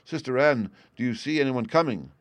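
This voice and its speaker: A man's voice: medium pitch, lively intonation, brisk, no room sound, pitched above the performer's own voice, lightly acted. A man voicing a terrified young wife who begs and trembles, in a storybook reading. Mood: anxious calling. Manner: trembling, begging.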